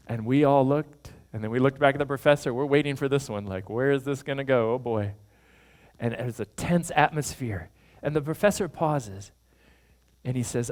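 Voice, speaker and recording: A male pastor telling a story in a sermon, animated, acting out the people he quotes and chuckling along. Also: on the high side, normal speed.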